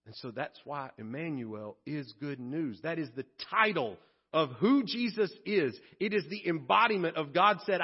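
A man's voice: on the high side, very animated, a little slow, husky, muffled recording. A male pastor preaching a sermon at a church worship service, earnest and conversational, with frequent restarts and asides.

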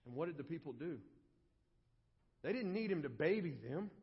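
A male pastor preaching a sermon with impassioned delivery that swings between hushed and loud. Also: on the high side, lively intonation, normal speed, slightly rough. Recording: long hall reverb, dull lo-fi sound.

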